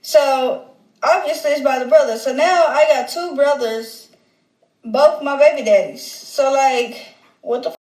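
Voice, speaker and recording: A woman with a fairly high voice tells a story casually, rambling and slangy, correcting herself as she goes. The sound is roomy and echoey. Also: measured pace, a little mellow. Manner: rambling, slangy, frequent fillers and self-corrections. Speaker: storyteller in a clip. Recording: roomy echo.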